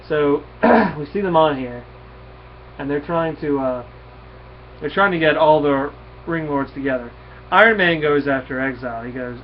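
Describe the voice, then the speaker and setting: A man's voice: fairly high pitch, normal speed. A man casually reviewing a comic book, retelling the plot in a rambling way with fillers and restarts, on a dull lo-fi recording. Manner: rambling, many fillers and restarts, reads dialogue aloud. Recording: dull lo-fi recording with faint hiss.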